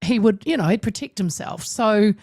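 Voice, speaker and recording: A woman's voice: mid-range voice, normal speed, no echo, clean studio sound. A woman hosting a talk show interview, talking emphatically with lots of restarts. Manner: emphatic, animated, with many restarts. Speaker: radio talk show host. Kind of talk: casual interview chat.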